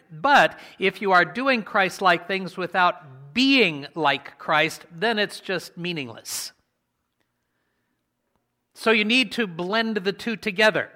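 A man preaching a sermon in a conversational way, asking his congregation questions and slowing down to stress key words. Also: high-pitched, pushed and bright. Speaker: pastor.

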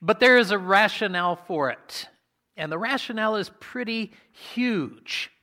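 A man preaching a sermon in a conversational way, asking his congregation questions and slowing down to stress key words. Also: high voice, expressive, pushed and bright. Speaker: pastor.

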